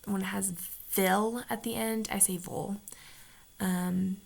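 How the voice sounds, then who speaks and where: A woman with a Utah accent talks unhurriedly in a casual vlog. Her voice has a gravelly, fry-edged texture. She reads a word list aloud, then chats hesitantly, filling pauses with ums. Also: mid-range voice. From Utah, USA. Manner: hesitant, many ums and restarts. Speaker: vlogger.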